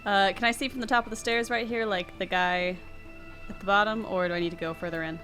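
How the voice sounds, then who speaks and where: A woman's voice: mid-range voice, fairly even intonation, quick pace, fairly bright tone, soft background music. A woman playing a tabletop game, chatty and giggly as she rolls and describes her moves. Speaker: player. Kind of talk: casual tabletop play.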